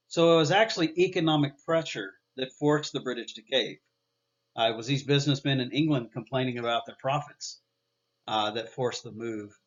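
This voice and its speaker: A man's voice: mid-range voice, moderate pace. A man teaching history in a loose, conversational way, with plenty of filler sounds and restarts. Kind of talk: recorded history lecture. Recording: dull lo-fi recording.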